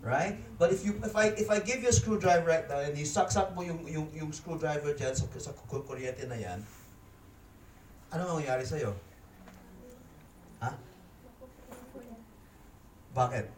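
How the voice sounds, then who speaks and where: A man's voice: fairly high pitch, measured pace, long pauses, slight background noise. A man with a Filipino accent preaching a sermon, joking and chatting with the congregation as he teaches. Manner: jokey, switches between English and Tagalog, interacts with congregation. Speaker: pastor. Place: church hall. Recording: echoey hall, speaker far from mic.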